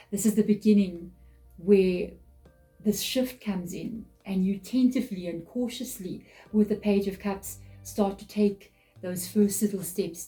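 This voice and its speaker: Woman tarot reader, mellow tone, heartfelt and repetitive delivery, soft music underneath. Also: mid-range voice, low-quality recording. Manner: emotional, earnest, repeats phrases. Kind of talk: tarot reading to camera.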